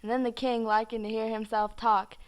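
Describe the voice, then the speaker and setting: A young woman narrating a story for a student project in a relaxed, folksy way. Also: a little high, fairly quick, clean tone.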